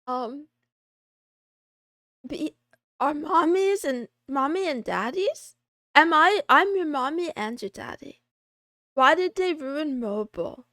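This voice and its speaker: A woman's voice: high voice, lively intonation, slow, pushed and bright, no room sound, studio quality. A woman streaming live, greeting viewers by name and chatting casually with frequent giggles. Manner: giggly, playful, reads chat names aloud. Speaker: VTuber streamer.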